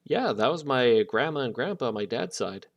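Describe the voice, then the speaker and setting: A man from Minnesota chatting casually with friends while playing a wrestling game, relaxed and full of fillers. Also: mid-range voice, moderate pace, highs cut off, slight background noise.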